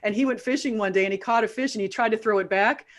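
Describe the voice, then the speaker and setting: A woman's voice: on the high side, fast. A middle-aged woman hosting a casual group chat, telling stories with a laugh now and then. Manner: warm storytelling with laughs. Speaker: host.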